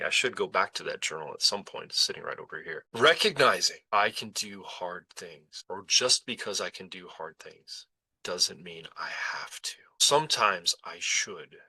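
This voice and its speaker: A man hosting a podcast, telling a personal story slowly and deliberately, with dramatic pauses and repetition. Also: sits low, vocal fry, sharp tone, husky, no room sound, poor audio. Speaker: podcast host. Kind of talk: reflective storytelling monologue.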